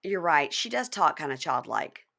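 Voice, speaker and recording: A woman's voice: low voice, sing-song, normal speed, gravelly, pushed and bright. A woman hosting a podcast, recapping a reality show in a chatty, run-on way. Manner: chatty, recaps plot in long run-on stretches. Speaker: podcast host. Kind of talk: casual recap chat.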